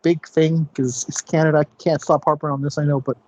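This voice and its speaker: A man with a fairly high voice who talks fast and cracks jokes as a wrestling podcast co-host. His sound is a little dull and muffled, and dry with no room echo. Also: little pitch movement. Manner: joking, quick banter. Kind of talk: casual wrestling podcast chat.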